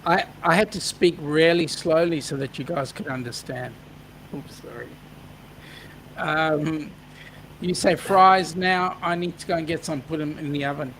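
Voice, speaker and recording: A man's voice: on the high side, measured pace, a bit bright, slight background noise, low-quality recording. An Australian man hosting a casual live-stream chat, reading out viewer comments and joking along. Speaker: host.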